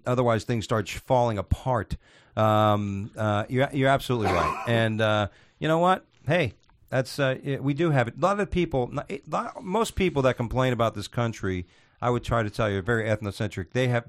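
A man's voice: mid-range voice, moderate pace. A man ranting in heated casual conversation, swearing often and restarting his sentences. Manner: ranting, profane, many restarts.

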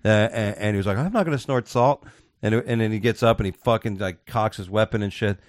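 Guy rattling off swear-heavy stories quick, doing little voices, dry close sound. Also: fairly low pitch, no echo. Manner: profane, animated storyteller acting out voices. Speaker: podcast host. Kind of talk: crude casual chat, telling stories.

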